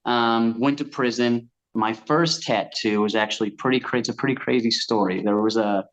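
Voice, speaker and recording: A man from Kansas telling stories on a podcast in plain, casual speech. His voice sits at an ordinary middle pitch. He talks candidly and swears freely. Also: moderate pace, poor audio. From Kansas, USA. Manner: candid, profane, vivid storyteller. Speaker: tattoo artist, podcast guest. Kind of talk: casual storytelling chat.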